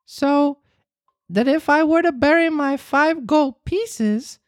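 A woman voicing a gullible wooden puppet boy in a storybook read-aloud, excited and full of wonder. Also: very high voice, normal speed, no echo, studio quality, voice pushed up. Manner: wide-eyed, excited, wondering.

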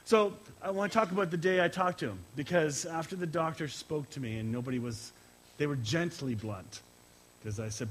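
A middle-aged man, a pastor, gives a conversational sermon after an opening prayer, sounding emotional and halting as he speaks personally. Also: on the high side, a little hiss or hum, low-quality recording. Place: church service, streamed live.

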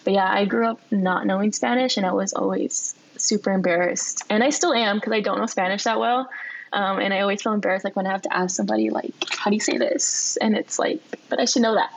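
A young woman chatting casually on a podcast, halting and filling her speech with "like". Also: medium pitch, steady tone, gravelly, no echo, rough recording. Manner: halting, says "like" constantly. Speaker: podcast guest. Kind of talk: casual chat.

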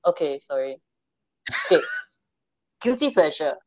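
A woman's voice: sits low, very animated, unhurried, warm tone, dry recording, low-quality recording. A woman co-hosting a casual podcast chat, talking in a chatty way and reading sources aloud. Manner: chatty, reads sources aloud, laughs at herself. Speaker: podcast co-host. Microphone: remote call.

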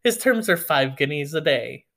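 A reader voicing a dim, pompous young gentleman landowner in an audiobook, talking in gushing, repetitive raptures. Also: medium pitch, animated, moderate pace, vocal fry. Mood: eager.

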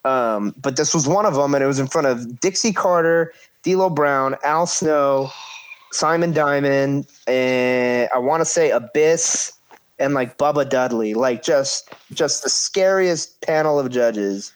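A man's voice: medium pitch, a little slow, clear, resonant tone. A man in his thirties casually telling a story about his wrestling career, acting out quoted voices and swearing freely.

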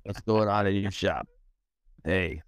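A man's voice: sits low, a little slow, clean tone, no room sound. A man putting on the voice of a laid-back, boastful male woodworker friend with a drawling, chummy greeting.

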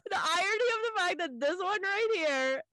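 A woman co-hosting a podcast in casual chat, animated and laughing often. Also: extremely high pitch, normal speed. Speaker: podcast co-host.

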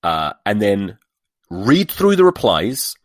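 A sweary man hosts his own podcast in a lowish voice, dripping with sarcasm and exasperation. The recording is dry and close, with no room sound around him. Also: sing-song, takes it slowly, dry recording. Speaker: podcast host. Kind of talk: solo podcast rant.

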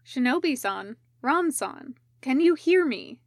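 Kobieta czytająca rzeczową lekarkę polową. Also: female voice, sits high, lively intonation, slow, no room sound, studio quality, voice pushed up, full character voice. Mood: clinical. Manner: questioning, patient, clinical. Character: brisk, caring female field medic.

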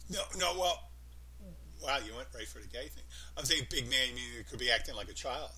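A man's voice: medium pitch, lively intonation, a little fast, bright, forceful tone, husky, low-quality recording. A man in casual chat, telling rambling stories with lots of emphasis.

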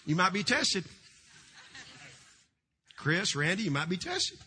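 A middle-aged man, a pastor, preaching a sermon in a large church, with fervent swings between loud cries and hushed storytelling. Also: sits high, wildly swooping pitch, takes it slowly, husky.

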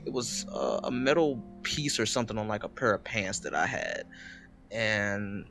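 A man's voice: on the low side, lively intonation, normal speed, a bit bright, faint music behind. A young man in casual chat, blunt and profane, teasing his friends.

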